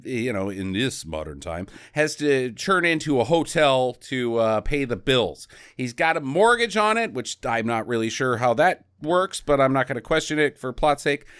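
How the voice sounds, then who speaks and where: Sarcastic American man, smooth voice. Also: mid-range voice, moderate pace, no room sound, studio quality. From United States. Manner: sarcastic, lively storytelling. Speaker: podcast host. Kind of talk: casual movie review chat.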